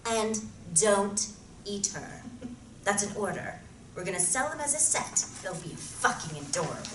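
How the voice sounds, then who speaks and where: A woman's voice: mid-range voice, sing-song, normal speed, close to an everyday voice. A woman playing a cruel, commanding alien starship captain who barks orders and mocks her crew. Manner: bossy, barking orders, mocking. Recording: echoey room, mic far off, faint hiss.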